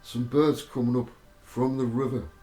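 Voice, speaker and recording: A man telling a personal spiritual testimony, halting and repeating himself as he goes. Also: mid-range voice, flat delivery, dark tone. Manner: halting, repeats words and restarts often. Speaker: storyteller giving a spiritual testimony. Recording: roomy echo with faint music behind.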